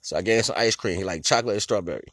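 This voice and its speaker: A man's voice: on the low side, racing, fairly bright tone, slight background noise. A man in a casual, rambling monologue who chuckles often and explains his ideas with simple everyday comparisons. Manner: laid-back and rambling, with frequent chuckles and constant "you know what I'm saying". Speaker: vlogger sharing life philosophy.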